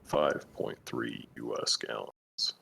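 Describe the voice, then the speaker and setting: A man's voice: very deep voice, slow, creaky, bright, forceful tone, slight background noise. A man playing a tabletop game over voice chat, pedantic and prone to muttering to himself. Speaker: player.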